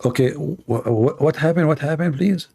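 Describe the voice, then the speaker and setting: A man's voice: on the high side, normal speed, creaky, dark tone. A man whose first language is Arabic, with an Arabic accent, hosting his show and mocking a clip in sarcastic, playful commentary. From Middle East. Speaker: show host reacting to a clip.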